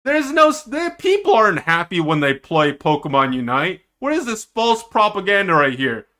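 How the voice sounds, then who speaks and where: A man streaming himself reacting to an esports match, excitable and teasing, with drawn-out dramatic groans. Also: a little high. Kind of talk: casual live-stream reaction commentary.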